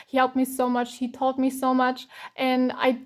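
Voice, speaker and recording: A woman's voice: high-pitched, monotone, normal speed. A woman from Germany, giving a chatty, rambling tarot reading full of fillers and restarts. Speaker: tarot reader.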